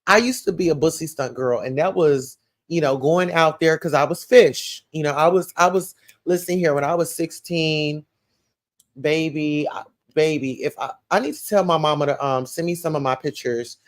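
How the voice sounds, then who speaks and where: A woman from Atlanta with a Southern accent, hosting a livestream, reading comments and dishing gossip in a sassy, animated way. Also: low-pitched, normal speed. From Atlanta, USA. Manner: sassy, animated, calls listeners child and baby.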